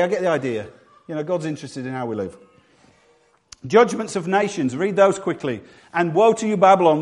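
A man from England preaching a sermon with humor, acting out quick voices and quotes. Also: on the high side, darkish tone.

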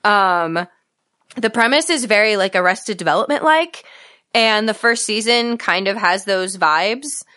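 Bright, clear-voiced woman, hesitant. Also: medium pitch, animated, a little slow. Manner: hesitant, with frequent ums. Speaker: podcast co-host. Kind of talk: casual chat.

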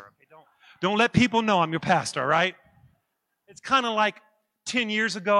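A man preaching as a pastor, telling a lively anecdote with chuckles and asides to his congregation. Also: high voice, no echo, studio quality. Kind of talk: storytelling sermon.

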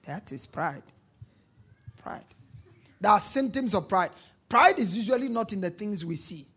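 With a high, husky voice, a male pastor delivers an animated but unhurried sermon. Key lines come back again and again, he urges the congregation to answer, and he bursts into shouts at the crucial moments.

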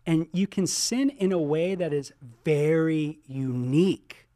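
Middle-aged man, pastor, fairly high voice, preaches in an animated, chatty way, close dry sound. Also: takes it slowly, no room sound. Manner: animated, exclaims and voices imagined listener reactions; many ums and you-knows. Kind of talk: sermon teaching.

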